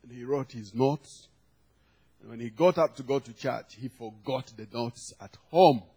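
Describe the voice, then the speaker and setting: A man's voice: mid-range voice, a little slow, mellow, slightly rough. A man preaching a sermon, telling a humorous story and acting out the quoted lines. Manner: storytelling with acted quotes and laughter.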